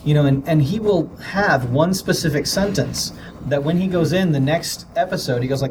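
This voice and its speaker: A man podcaster chatting casually and thoughtfully, with frequent pauses and fillers. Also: fairly high pitch. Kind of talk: casual chat. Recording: distant mic, noisy room.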